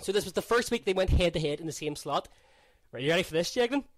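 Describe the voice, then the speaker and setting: A man's voice: sits high, expressive, fast, dry recording. A young Northern Irish man co-hosting a podcast in casual, teasing banter, laughing often. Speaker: podcast co-host.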